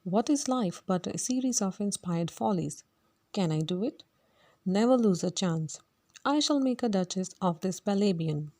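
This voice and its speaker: Woman reading arrogant male professor, brisk, lordly, dismissive, mellow voice. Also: mid-range voice, animated.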